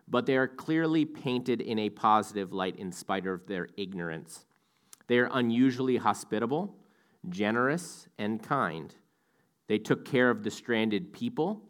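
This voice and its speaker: A man's voice: mid-range voice, fairly bright tone. A man giving verse-by-verse Bible teaching in a conversational way, with asides that correct himself.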